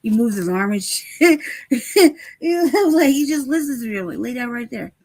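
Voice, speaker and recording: A woman's voice: sits high, normal speed, husky. A woman hosting a casual live chat, telling stories, laughing often and swearing freely. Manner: laughing often, profane, animated storytelling. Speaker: host.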